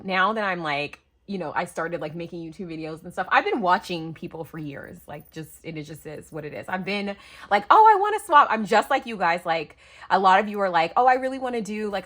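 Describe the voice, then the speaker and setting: A young woman from the United States vlogging a craft mail unboxing, talking fast and gushing, overwhelmed and near tears. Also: fairly low pitch. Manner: gushing, talkative, breathless bursts of excitement. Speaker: craft YouTuber. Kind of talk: excited unboxing vlog.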